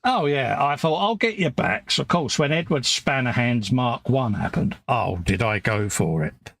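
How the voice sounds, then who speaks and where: A man's voice: mid-range voice, a little slow, gravelly, a bit bright. A middle-aged man with a London accent, telling wry stories in a casual chat while building models. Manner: wry storytelling, quotes his wife in put-on voices. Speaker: co-host of a model-building stream.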